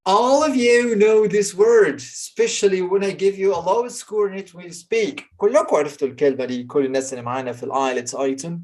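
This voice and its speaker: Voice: mid-range voice, racing, hardly any pauses, a little mellow. A pronunciation teacher with an Egyptian accent, giving a recorded lesson and explaining each point in English and then again in Arabic.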